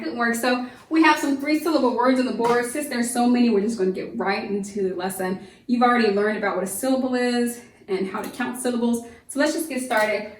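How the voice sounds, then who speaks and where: A woman homeschool teacher giving a phonics lesson to young children, stretching out each word slowly and explaining patiently. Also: a little high, distant mic. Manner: slow, drawn-out sounding of words, patient explaining. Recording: echoey room, voice off-mic.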